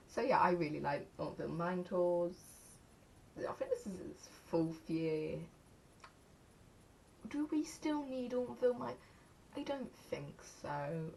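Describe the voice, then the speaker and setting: A woman's voice: lowish voice, animated, unhurried, vocal fry, darkish tone, a little hiss or hum. A young English woman chatting casually to camera in a rambling, self-mocking way, counting aloud as she goes. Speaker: vlogger.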